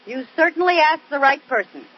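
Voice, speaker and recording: An actress playing a scatterbrained, forgetful young wife in a 1940s radio comedy, chattering in a giggly, flustered way. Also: female voice, high voice, animated, fairly quick. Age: young adult. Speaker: lead wife character. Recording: dull, noisy old radio broadcast.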